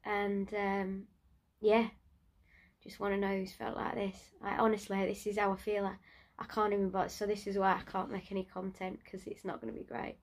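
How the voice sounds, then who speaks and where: A woman vlogging from her sickbed, nasal, exhausted and short of breath, talking in a halting, trailing way. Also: medium pitch, flat delivery. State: ill and exhausted, weak voice. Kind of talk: casual video diary. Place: in bed at home.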